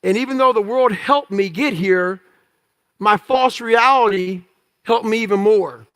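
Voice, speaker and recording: A man's voice: high-pitched, a little slow, a bit bright. A man giving a motivational talk, telling stories from his life bluntly and with profanity, acting out the voices of other people in them. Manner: acts out quoted dialogue in story. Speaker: motivational speaker. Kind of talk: storytelling talk to an audience.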